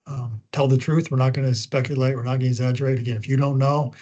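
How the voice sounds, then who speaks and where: A man giving spokesperson training on a video call, talking quickly once he gets going, with frequent ums and uhs. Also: medium pitch, little pitch movement, dark tone. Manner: talks fast when he gets going. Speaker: media trainer. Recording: dull lo-fi call audio.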